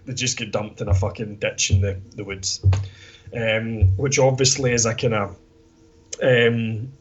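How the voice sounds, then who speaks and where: A man's voice: fairly low pitch, fairly even intonation, unhurried, dull audio. A Scottish man co-hosting a podcast, giving a rambling, sweary plot recap full of fillers. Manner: rambling, sweary, lots of "kinda" and "basically". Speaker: podcast co-host reviewing a film.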